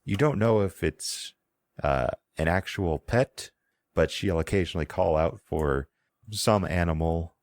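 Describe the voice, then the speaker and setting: Very deep-voiced male game master. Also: no room sound. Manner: casual, halting, lots of fillers and laughs. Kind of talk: narrating a tabletop game.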